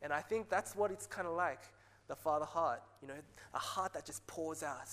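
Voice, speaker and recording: A man preaching a sermon as pastor, earnest, rising to excited peaks and dropping soft again. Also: on the high side, moderate pace. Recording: long hall reverb.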